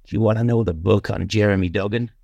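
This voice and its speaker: A man doing an American accent to play a brash American male sales boss, in a lowered, gruff and blunt voice. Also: fairly even intonation, fast talker, warm tone, no room sound. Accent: American, put on.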